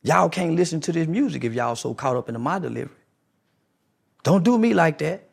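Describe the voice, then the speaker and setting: High, gravelly man ranting hard. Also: expressive, a little fast. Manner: preachy, confrontational, repeats rhetorical questions; mocking impressions in a raised voice. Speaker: guest. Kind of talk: heated podcast interview.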